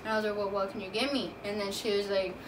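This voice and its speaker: A woman's voice: mid-range voice, steady tone, fast. A young woman casually telling a personal story in a vlog, talking loosely with lots of fillers. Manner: casual, chatty, many "like" fillers. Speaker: vlogger. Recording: from a distance, faint room noise.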